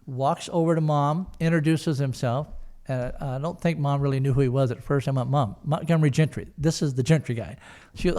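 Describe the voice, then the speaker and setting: A man's voice: on the high side, fairly quick, warm tone, clear, resonant tone. An older man telling a long personal story in an interview, rambling with many fillers and restarts. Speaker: guest, son of the founders.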